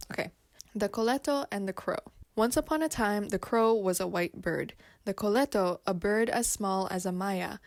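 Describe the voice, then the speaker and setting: A woman's voice: mid-range voice, dry recording. A woman casually reading folk tales aloud on her video, breaking off for giggly, playful asides. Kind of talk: casual read-aloud with chat.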